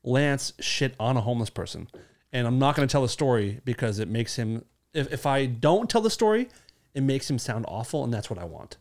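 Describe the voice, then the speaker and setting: A man's voice: mid-range voice, expressive, a little fast, darkish tone. A man co-hosting a podcast in casual chat, teasing and cracking crude jokes. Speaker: podcast co-host.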